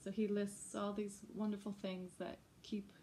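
An early childhood music educator, she walks fellow teachers and parents through classroom ideas in an easy, unhurried, chatty way, like a friendly workshop, breaking into short sung examples. Her medium-pitched voice is mellow and soft-edged, slow and gentle, though her delivery is flat. There's slight background noise.

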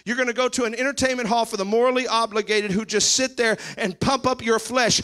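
A man preaching a sermon as pastor, swinging between quiet asides and shouted, sing-song declarations, sometimes mimicking his congregation. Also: extremely high pitch, steady tone, brisk, few pauses. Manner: mimics congregation members for effect.

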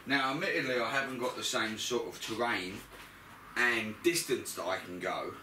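Male moped vlogger, bright chatty voice, distant from the mic in an echoey garage. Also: mid-range voice, normal speed, slight background noise. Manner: rambling, talks straight to viewers with asides. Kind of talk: chatty workshop commentary while working.

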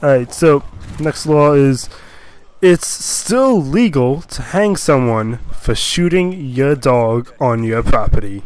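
Young guy, a little under the weather, doing casual rambling comedic commentary at a medium pitch. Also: lively intonation, slow, darkish tone, clean tone, no echo. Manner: rambling and jokey, with many fillers and silly voices. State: sick. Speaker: online video commentator. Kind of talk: casual commentary reading out odd laws.

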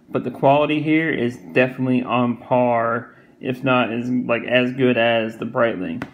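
A man's voice: mid-range voice, slight background noise, rough recording. A man with a Southern US accent giving a casual, rambling product review, full of fillers and repeated phrases. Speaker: watch reviewer.

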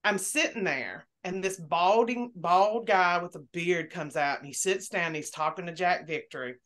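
Low-voiced woman telling stories. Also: normal speed. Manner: animated storyteller, swears freely. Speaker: podcast panelist. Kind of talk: casual chat.

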